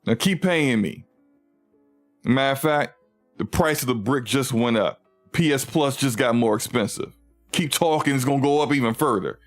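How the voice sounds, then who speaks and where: A man mockingly voicing a fawning, smug male company rep who turns dismissive, pitching his voice well above his own. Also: normal speed, soft background music, close to an everyday voice. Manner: overly accommodating, then dismissive.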